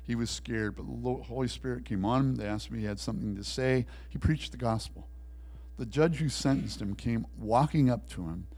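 A man preaching a sermon, telling a story and acting out the voices in it, swinging between loud bursts and hushed lines. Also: mid-range voice, fairly quick, slightly rough.

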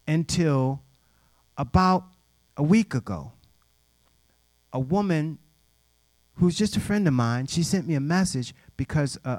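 A man's voice: fairly high pitch, no room sound. A middle-aged man mentoring young people, telling stories to an audience in a direct, plainspoken way and acting out the voices of the people he quotes. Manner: animated storyteller who acts out quoted voices; direct, plainspoken, informal grammar. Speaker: youth mentor. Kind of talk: personal storytelling to an audience.

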